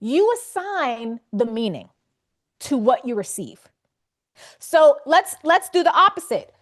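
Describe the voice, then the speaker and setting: A woman's voice: high voice, very animated, slow. A woman hosting a live faith coaching session, speaking conversationally and emphatically to her audience. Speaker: faith wellness coach and host.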